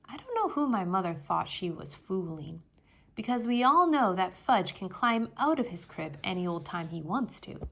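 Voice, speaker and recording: A woman reading a children's chapter book aloud in an expressive storytelling way. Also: mid-range voice.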